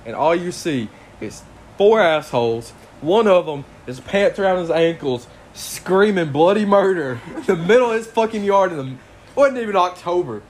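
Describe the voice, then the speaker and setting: A man's voice: high voice, lively intonation, normal speed, a little hiss or hum. Blunt profane storyteller man. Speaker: podcast co-host. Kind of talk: casual storytelling.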